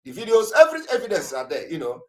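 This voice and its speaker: Male call-in host, fairly high voice, emphatic, repeats points, lots of fillers. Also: huge pitch swings, quick pace. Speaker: broadcast host taking callers. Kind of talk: live call-in broadcast.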